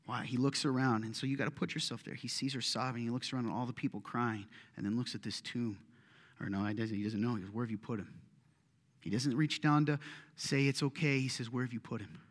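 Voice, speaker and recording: A man preaching a sermon, swinging from hushed asides to loud, pleading retellings. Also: mid-range voice, fairly even intonation, fast, in a large hall. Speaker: pastor.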